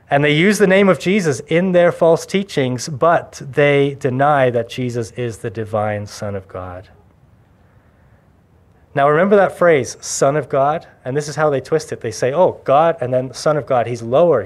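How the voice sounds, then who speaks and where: A male pastor in the middle of a verse-by-verse sermon, with a mid-pitched voice. He delivers it with emphasis, his voice rising on key claims and dropping low and quiet for solemn lines. Light laughs break up his teaching. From Canada.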